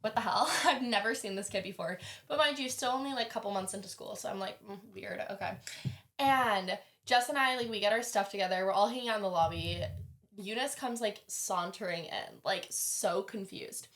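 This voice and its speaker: Animated young woman telling a story. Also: medium pitch, normal speed. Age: young adult. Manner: animated, heavy use of "like", acts out quoted voices. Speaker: podcast guest. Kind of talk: casual storytelling.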